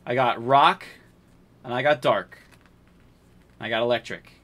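Man, live-stream host, bright tone, medium pitch, chatty, hype bursts, low mumbles while sorting. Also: a little slow. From New England. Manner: chatty, hypes pulls, jokes with chat. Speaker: streamer opening card packs. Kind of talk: casual live-stream chat.

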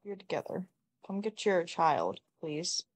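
A woman commenting on her own gameplay in a casual, exasperated way. She swears freely and scolds the characters on screen. Her pitch jumps around a lot, rising and falling. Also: sing-song, measured pace. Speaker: gamer.

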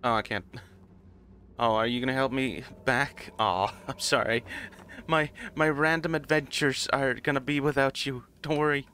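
A man's voice: medium pitch, normal speed, sharp tone, slight background noise. A man casually commenting on a game as he plays, rambling and chuckling at himself. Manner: rambling, self-mocking, laughs often. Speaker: gaming channel host. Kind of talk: casual let's play commentary.

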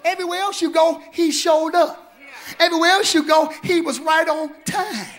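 High-pitched shouting preacher man. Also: normal speed. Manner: exuberant, shouting, laughing, call-and-response with congregation. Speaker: pastor. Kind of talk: Easter sermon preached live. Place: church sanctuary. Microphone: handheld microphone.

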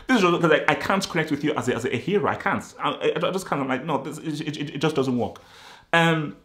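A man giving a casual, rambling film review, repeating himself and stating blunt opinions. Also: mid-range voice. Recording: roomy echo.

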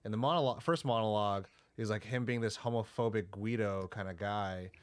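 A man's voice: lowish voice, brisk. A man co-hosting a podcast who talks in a loose, chatty way, filling his sentences with "like.". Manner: loose and chatty, lots of "like" fillers. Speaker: podcast co-host. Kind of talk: casual chat.

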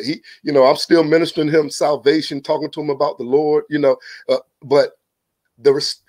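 Earnest and relaxed, a man who is a podcast guest shares a personal story as casual testimony, repeating words often as he starts a thought. His voice is medium-pitched with a darkish tone.

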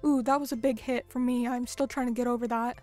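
A woman's voice: on the high side, steady tone, fast, a little mellow, soft background music. A young American woman streamer chatting casually with her viewers, talking loosely with lots of fillers as she reads and answers chat. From United States.

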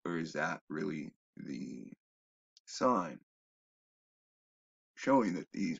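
A man talking in a rambling, casual monologue that drops to low mutters and jumps to loud exclamations. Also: expressive, slow pace, gravelly, long pauses, breathy edge, muffled recording. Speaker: video commentator.

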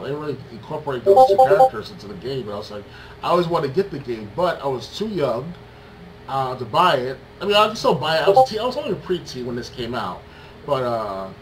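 A young man co-hosting a casual gaming podcast, talking excitedly and acting out reactions. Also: mid-range voice. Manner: animated, excitable, acts out reactions. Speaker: podcast co-host. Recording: faint background noise.

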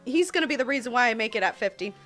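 During a casual live game stream, a young adult woman with a Southern US accent chats, giggles, and gets sidetracked often. Her voice is slightly high with a fairly bright tone.

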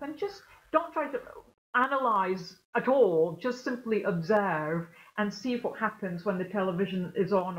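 Reflective woman on a muffled video call. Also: medium pitch. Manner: reflective, explanatory, softly emphatic. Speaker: guest percussionist. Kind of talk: online lecture Q&A.

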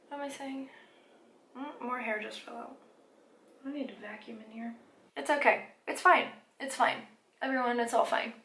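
Slow-talking woman vlogger in an echoey room. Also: on the high side, gravelly, bright, forceful tone, a little hiss or hum. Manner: rambling, self-deprecating, talks to herself while working. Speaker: beauty vlogger. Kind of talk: casual makeup tutorial chat.

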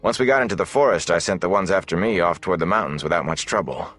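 A man voicing a weary, wounded middle-aged farmer father in an audiobook, low, tired and soothing. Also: fast, a bit bright, soft background music. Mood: calm. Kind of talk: audiobook character reading.

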